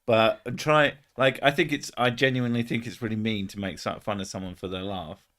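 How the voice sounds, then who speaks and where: A man's voice: lowish voice, fairly even intonation, fairly quick, fairly bright tone. A young man hosting a casual stream chat, joking, swearing often and laughing between jokes. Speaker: streamer host.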